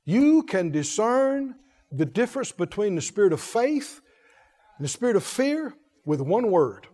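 High-voiced, animated man preaching in a hall. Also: unhurried. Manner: animated, rhetorical questions to the congregation; folksy, laughs between points. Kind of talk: sermon. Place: church. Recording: echoey hall reverb.

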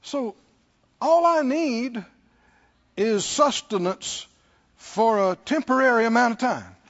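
A man's voice: very high voice, slow, fairly bright tone, highs cut off. A man preaching a sermon, repeating phrases and putting questions to his listeners.

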